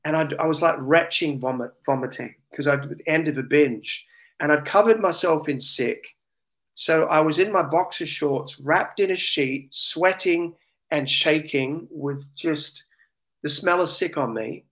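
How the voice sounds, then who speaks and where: A man's voice: on the high side, measured pace. Earnest Australian man telling his story. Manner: earnest, emotional, animated retelling. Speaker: interview guest. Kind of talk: personal testimony storytelling.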